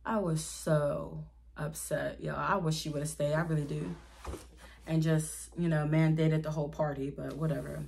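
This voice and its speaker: Young woman, vlogger, lowish voice, casual storytime, talks to viewers, candid and dramatic. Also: fairly even intonation, normal speed, gravelly, a little mellow. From Pittsburgh area, USA. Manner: chatty, addresses viewers as y'all; candid, dramatic retelling with slang.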